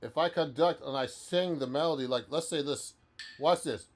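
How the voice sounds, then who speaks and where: A man's voice: on the high side, normal speed, slight background noise. A man who is a professional musician and guitar teacher, chatting loosely through a live-stream practice session and answering viewers, with frequent restarts.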